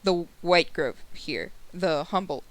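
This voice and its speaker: A woman's voice: lowish voice, takes it slowly, no room sound. A woman narrating as game master in a tabletop game, casual and swearing freely. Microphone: open mic, recording session.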